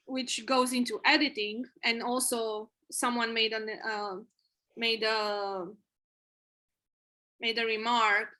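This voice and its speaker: Bright-voiced woman on a work call. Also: a little high, poor audio. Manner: methodical, works through points step by step. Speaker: app tester on a team call. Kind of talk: casual work meeting.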